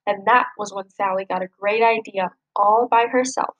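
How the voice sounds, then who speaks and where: A woman reading a children's picture book aloud in a lively, expressive way. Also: mid-range voice, normal speed, lo-fi sound. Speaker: storybook reader. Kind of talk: children's story read-aloud.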